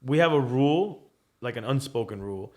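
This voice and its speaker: A man's voice: medium pitch, lively intonation, fairly quick, darkish tone. A man, a DJ guest on a podcast, talking in a laid-back way and swearing freely. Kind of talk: casual interview.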